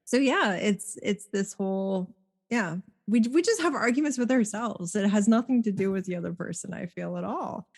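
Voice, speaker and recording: A woman co-hosting a podcast in casual chat, candid and quick to laugh, swearing now and then. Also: medium pitch, expressive, creaky, a little mellow. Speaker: podcast co-host.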